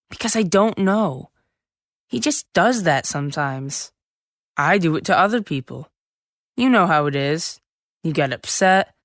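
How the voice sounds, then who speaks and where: A 7th grade boy telling his story, lowish voice, dry booth sound, chatty. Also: no echo. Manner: lively first-person storytelling with sudden yells. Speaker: narrator. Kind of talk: full-cast audiobook narration. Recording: dry close studio sound.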